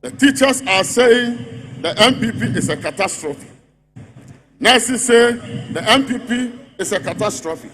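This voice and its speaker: A man's voice: very high voice, lively intonation, unhurried, fairly bright tone. A man with a Ghanaian English accent giving a political speech at a party congress, mocking opponents and repeating a refrain. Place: large congress hall. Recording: long reverb of a big hall.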